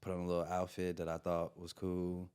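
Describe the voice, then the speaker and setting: Lowish-voiced comedian telling a story. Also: male voice, a little fast, clean tone. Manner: animated, slangy, acts out quotes. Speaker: podcast guest, comedian. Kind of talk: casual storytelling chat.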